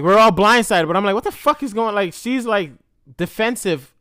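Brief: male vlogger, fairly high voice, smooth and clear, candid emotional rant with swearing. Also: fairly bright tone, dry recording, studio quality. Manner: emotional, rambling, heavy profanity. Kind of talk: candid storytime monologue.

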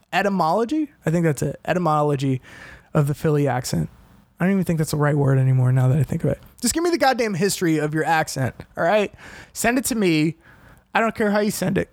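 A man with a slightly high voice rambles through a casual solo podcast monologue. He swears freely and pokes fun at himself. The sound is close and dry. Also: dry recording. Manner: rambling, profane and self-mocking. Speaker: comedian and podcast host.

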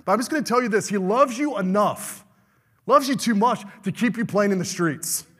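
Fervent high-voiced male preacher. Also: expressive, normal speed, a bit bright, breathy edge, in a large hall. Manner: fervent, calls for amens. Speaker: pastor. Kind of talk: sermon.

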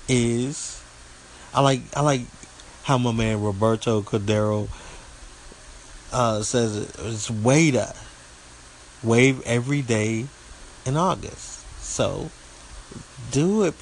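Man, Southern accent, podcast host, slow easygoing delivery, folksy, faint background noise. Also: mid-range voice, poor audio. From southeast United States. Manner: folksy, slow-talking, stumbles over words. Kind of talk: casual solo podcast monologue.

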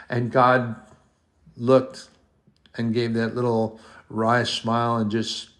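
A man's voice: mid-range voice, completely flat delivery, a bit bright. Earnest male preacher with emphatic swells. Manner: earnest, rising to emphatic peaks, slow deliberate stresses. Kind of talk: sermon.

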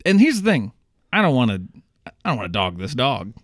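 A man's voice: mid-range voice, big pitch swings, a little fast, no room sound, studio quality. A young adult man hosting a casual movie-review podcast, laughing often and swearing casually. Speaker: podcast host.

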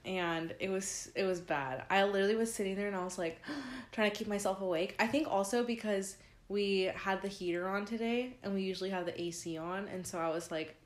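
A woman's voice: medium pitch, fairly quick. A tired young woman co-hosts a podcast. She tells her story in a chatty, rambling way packed with likes and ums. The recording rings with a roomy echo. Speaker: podcast co-host. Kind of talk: casual chat.

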